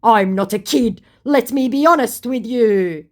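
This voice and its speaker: A woman voicing a pleading, evasive male online scammer, slow and wheedling. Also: fairly high pitch, pitched above the performer's own voice, close to an everyday voice. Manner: wheedling, drawn-out.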